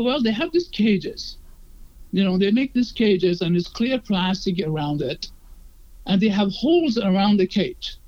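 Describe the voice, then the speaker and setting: A man's voice: high-pitched, a little mellow. A man telling a personal story in a conversational way, acting out the quoted dialogue earnestly. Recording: dull lo-fi sound.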